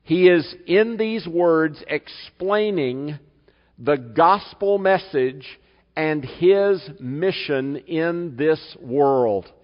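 A man preaching a sermon as pastor, with measured delivery and slow, emphatic reading of scripture in a church. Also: on the high side, in a large hall, highs cut off. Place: church sanctuary.

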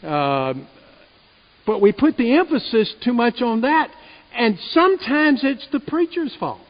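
A man preaching a sermon as pastor, earnest and rising loud on his key points. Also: extremely high pitch, sing-song, a little slow. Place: church sanctuary. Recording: reverberant church hall, muffled sound.

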